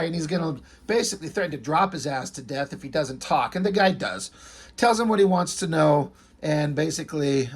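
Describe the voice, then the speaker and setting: A man talks in a relaxed, meandering way, tossing in swear words and side tangents as he recaps a comic. His voice is husky and sits a bit high. It feels like casual off-the-cuff chat. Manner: rambling, swears, reads comic lines aloud. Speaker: comic book reviewer.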